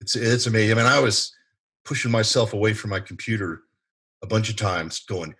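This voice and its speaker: Emphatic guy, lowish husky voice, gets animated chatting. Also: fairly quick. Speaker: guest and veteran writer. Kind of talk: casual podcast chat.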